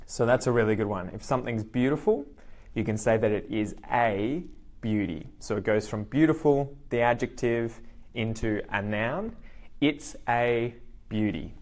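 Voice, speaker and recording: An Australian man giving a live online English lesson, speaking slowly and clearly and repeating words for learners. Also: fairly low pitch, darkish tone. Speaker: English teacher.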